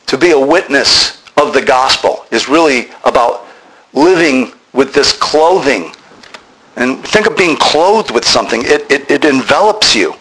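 A man's voice: mid-range voice, expressive, measured pace, a bit bright, low-quality recording. A man preaching a sermon, emphatic and exhorting his listeners directly.

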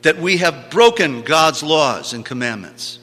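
A man's voice: a little high, expressive, measured pace, bright, forceful tone, breathy edge. A man preaching a sermon, teaching emphatically and repeating key phrases for stress. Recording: long hall reverb.

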